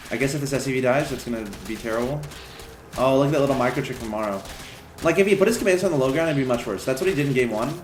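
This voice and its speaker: A man doing casual esports commentary on a strategy game match, chatty and excitable. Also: mid-range voice, racing, reverberant, noisy background.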